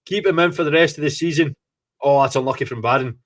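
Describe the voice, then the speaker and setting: Talking fast in a voice on the high side and slightly raised, this excitable Scottish fan podcast host narrates his live reaction to a football match. He curses freely, gloats, and gets caught up in each moment.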